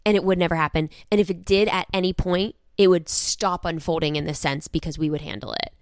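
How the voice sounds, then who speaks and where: A young woman co-hosting a podcast in casual chat, animated and argumentative, often acting out what people would say. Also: fairly low pitch, brisk, no room sound, clean studio sound. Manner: animated, argumentative, acts out quoted voices. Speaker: podcast co-host.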